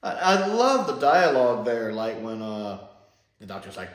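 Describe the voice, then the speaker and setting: A man's voice: medium pitch, big pitch swings, normal speed, fairly bright tone. A man giving a casual, enthusiastic spoken review, rambling with lots of fillers. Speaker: sci-fi reviewer. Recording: roomy echo.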